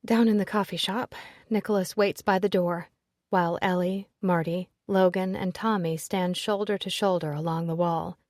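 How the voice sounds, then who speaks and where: A woman reading a first-person audiobook in an expressive, emotional storytelling manner. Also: lowish voice, normal speed, no room sound, clean studio sound. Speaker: audiobook narrator.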